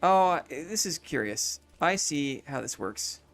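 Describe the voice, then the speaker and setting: A man's voice: on the high side, animated, unhurried, vocal fry, a bit bright. Man thinking aloud over faint music. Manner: thinks aloud, repeats his own phrases; chats with viewers between moves. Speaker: streamer playing a city-building game. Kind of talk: casual live-stream commentary.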